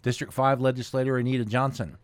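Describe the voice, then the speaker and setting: Relaxed man hosting a radio show. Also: medium pitch, fast talker, clean tone, no room sound. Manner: relaxed, friendly, reads sponsors.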